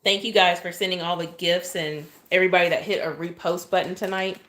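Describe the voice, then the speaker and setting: Casual woman cake decorator, slightly low voice, phone livestream, apologetic and chatty. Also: steady tone, brisk, background noise. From Oklahoma, US. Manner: chatty, apologetic, reading out viewer comments. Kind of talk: live stream chat while decorating.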